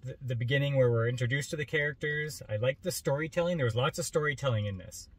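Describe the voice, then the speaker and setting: A male co-host on a casual movie review show, with a mid-range voice and a relaxed, stop-and-start way of talking. The sound is dry and close to the mic. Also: mid-range voice, no room sound. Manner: halting, repeats words, laid-back.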